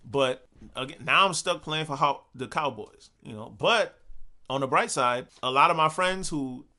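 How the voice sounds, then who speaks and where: A young man telling a personal story in a casual, animated way, laughing often and swearing casually. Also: fairly high pitch, moderate pace.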